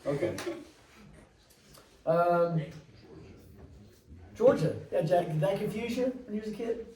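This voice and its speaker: A man's voice: sits high, moderate pace, a little mellow, distant mic. Rambling male teacher in an echoey classroom. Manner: chatty, rambling, jokey asides to students. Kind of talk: classroom lecture.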